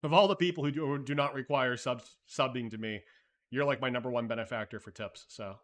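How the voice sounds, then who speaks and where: A man's voice: mid-range voice, steady tone, brisk, a bit bright. A man hosting a live stream, chatting loosely and thinking aloud while answering viewer messages, with casual swearing. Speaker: livestream host.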